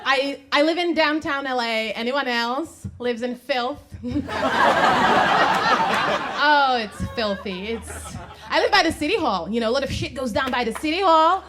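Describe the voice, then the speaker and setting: A young woman from the Czech Republic with a Czech accent, performing a stand-up comedy set in a club, animated and laughing at her own jokes. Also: sits high, moderate pace. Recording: live club recording, audience noise.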